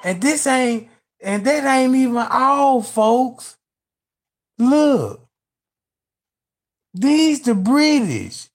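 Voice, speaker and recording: A commentator talking to viewers in casual video commentary, emphatic and profane, using street slang and addressing the audience directly. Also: mid-range voice.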